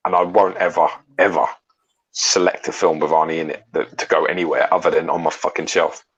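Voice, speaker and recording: A man's voice: rumbling low, fairly even intonation, a little fast, husky, lo-fi sound. A man co-hosting a casual livestream chat, giving frank, opinionated views and swearing freely. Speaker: co-host.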